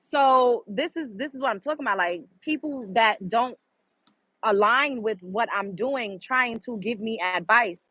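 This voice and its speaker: A young adult woman hosting her own online show, talking in a blunt, animated casual monologue and swearing freely. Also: fairly high pitch, unhurried, no echo, low-quality recording.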